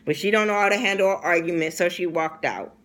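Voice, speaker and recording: Bright-voiced, blunt woman vlogger. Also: lowish voice, quick pace. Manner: blunt, profane, opinionated. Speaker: TV reality show reviewer. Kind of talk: casual recap vlog.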